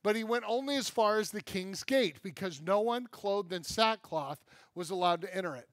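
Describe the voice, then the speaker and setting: Animated pastor with a high voice. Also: male voice, normal speed, no room sound, studio quality. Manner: animated, self-deprecating humor, rhetorical questions. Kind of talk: sermon. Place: church.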